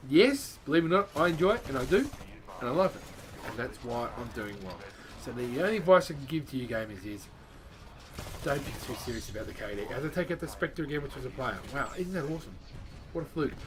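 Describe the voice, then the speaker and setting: A man chats over his gameplay in a relaxed, encouraging way, often poking fun at himself. His voice sits a little high. Faint game sounds run underneath. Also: slight background noise. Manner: chatty, encouraging, self-deprecating, laughs often. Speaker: gaming YouTuber. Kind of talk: casual gameplay commentary.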